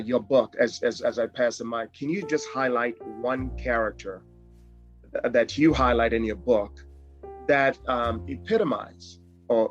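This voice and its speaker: A man's voice: mid-range voice, lo-fi sound. A man hosting an interview, stumbling and repeating words as he frames his questions. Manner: halting, repeats words while framing questions. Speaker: podcast host, interviewer.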